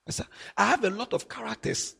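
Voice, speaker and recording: A middle-aged man with a Ghanaian accent, preaching a sermon as a pastor, animated and mixing English with Twi. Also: sits high, moderate pace, slightly rough.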